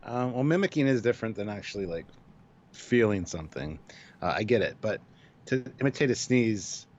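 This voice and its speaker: A man's voice: on the low side, animated, moderate pace, darkish tone. A man co-hosting a live review stream, speaking bluntly and sardonically. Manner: blunt, sardonic, laughing at the silly bits. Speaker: co-host of a live review show. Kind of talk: casual live-stream discussion. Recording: dull lo-fi mic with faint hiss.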